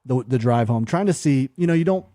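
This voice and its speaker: Man in his thirties, earnest co-host, mellow tone, dry close sound. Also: medium pitch, animated, brisk, no room sound. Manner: earnest, frequent fillers and restarts. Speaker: podcast co-host. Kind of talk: conversational storytelling.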